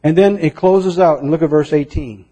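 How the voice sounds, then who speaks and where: A man preaching a sermon in an earnest way, moving between emphatic lines and hushed ones. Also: a little high, moderate pace. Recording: dull lo-fi recording.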